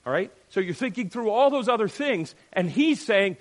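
A man preaching a sermon, animated, firing off rhetorical questions and checking in with "right?". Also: high voice, moderate pace, few pauses. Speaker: pastor.

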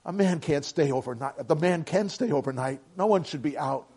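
A man voicing a steady, commanding farm father in a read-aloud story, speaking low and firm. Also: moderate pace, slightly rough.

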